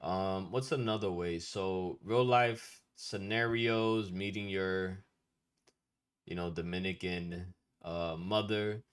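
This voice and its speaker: Male teacher with a deep voice, loose and slangy, blunt, swears now and then, casual lesson delivery. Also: fairly even intonation, takes it slowly, smooth. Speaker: Spanish culture teacher.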